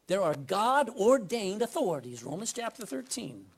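A man's voice: sits high, very animated, normal speed, creaky, husky. A man preaching a sermon from the pulpit, reading scripture aloud and putting direct questions to the congregation. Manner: emphatic, swings between loud scripture reading and quiet asides. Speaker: pastor. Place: church pulpit.

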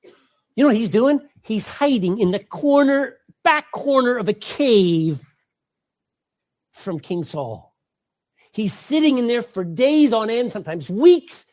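A man's voice: extremely high pitch, big pitch swings, slow pace, a little mellow. A man preaching a sermon, reading scripture and calling out emphatically to his congregation.

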